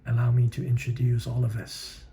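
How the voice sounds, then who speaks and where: A man voicing a small, lethargic creature in a storybook reading, speaking slowly and languidly. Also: medium pitch, monotone, creaky, mellow, a little hiss or hum, close to an everyday voice.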